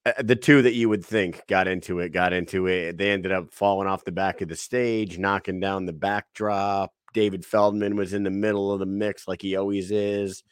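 Low-voiced laid-back podcast host man. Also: steady tone, normal speed, few pauses, clean tone, dry recording, studio quality. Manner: laid-back, filler-heavy recapping. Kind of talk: casual podcast chat.

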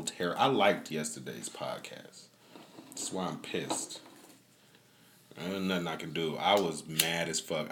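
A man's voice: deep voice, fairly bright tone, a little hiss or hum. A man hosting his own streamed podcast, talking casually, swearing and rambling as he vents, recorded on a phone set up indoors. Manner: profane, rambling, venting with laughs. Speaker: podcast host. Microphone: phone on a stand.

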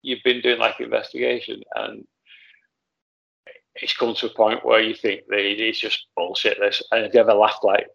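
A man's voice: fairly low pitch, little pitch movement, moderate pace, gravelly, a bit bright, breathy edge. A man hosting a podcast, easygoing and chummy with his guest. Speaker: podcast host. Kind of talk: casual podcast chat. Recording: dull lo-fi sound.

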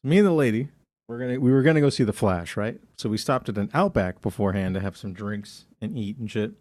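With no echo around him, a lowish-voiced man speaks fast while co-hosting a casual comedy podcast. He swears constantly and acts out people's voices in his lively stories.

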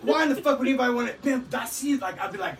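A man, telling crude jokes in loud, laughing banter and swearing constantly. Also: very high-pitched, animated, racing. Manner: rowdy, laughing, swears constantly, often shouts. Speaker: podcast guest. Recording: distant mic with faint background noise.

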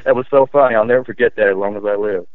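Man, former high school player, rambling storyteller, low voice, dry phone-line audio. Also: very fast, no room sound. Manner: rambling, frequent restarts and fillers. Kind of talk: storytelling in a casual interview.

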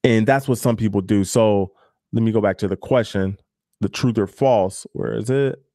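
A man's voice: fairly low pitch, moderate pace, dark tone, dry recording, clean studio sound. A man who works as a barber, giving loose, candid advice straight to the listener with plenty of fillers and asides. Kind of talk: casual advice talk to camera.

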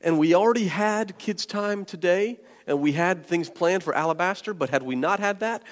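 Joking pastor in a reverberant church. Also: male voice, high-pitched, moderate pace. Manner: animated, joking asides; many fillers and restarts. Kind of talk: sermon. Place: church sanctuary. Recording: long church hall reverb.

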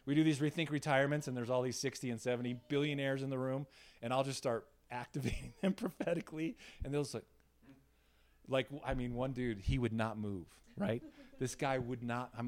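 A man preaching an informal sermon in a small room, telling stories with laughter and frequent "right?" asides to his listeners. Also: medium pitch. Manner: animated, laughing, frequent "right?" tag questions. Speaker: pastor. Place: small room in a church setting.

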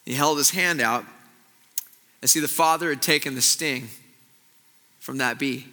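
A man pastor preaching a sermon earnestly, often dropping into hushed, intense low passages. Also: measured pace, big-room sound.

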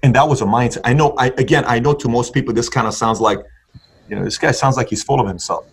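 A man's voice: mid-range voice, quick pace, gravelly, husky. A man telling his story in conversation with an intense, punchy motivational delivery. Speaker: guest entrepreneur.

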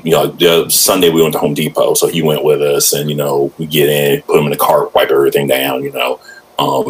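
A middle-aged man co-hosting a casual podcast, ranting in a profane, storytelling way and jumping up in pitch when he quotes people. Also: slightly rough, low-quality recording. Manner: profane, ranting storyteller who jumps high in pitch when quoting others. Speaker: podcast co-host. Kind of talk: casual chat. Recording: faint background noise.

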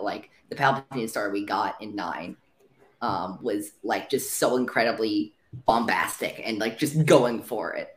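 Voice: mid-range voice, a bit bright, roomy sound. A podcast co-host chatting casually and enthusiastically, with many "like"s. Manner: enthusiastic, peppered with "like".

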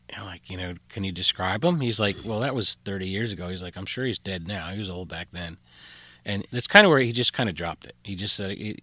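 A middle-aged man tells a personal story in a relaxed, rambling way, with plenty of fillers and quoted dialogue he acts out. His voice sits low but sounds bright and forward. The recording is close and dry. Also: no room sound. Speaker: podcast guest. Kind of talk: casual storytelling.

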